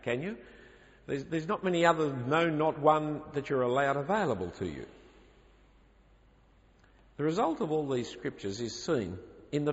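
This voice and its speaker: A man preaching a sermon, arguing emphatically with rhetorical questions. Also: a little high. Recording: lo-fi, reverberant hall.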